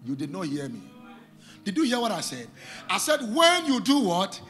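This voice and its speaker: High, lively preacher. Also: male voice, moderate pace, faint music behind. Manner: call-and-response preaching, shouting and sing-song cadence. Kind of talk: sermon.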